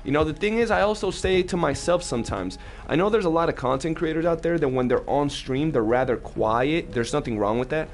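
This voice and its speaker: A young man chatting casually on a live game stream, talkative and slangy, telling animated stories to his chat. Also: fairly high pitch, fast, few pauses.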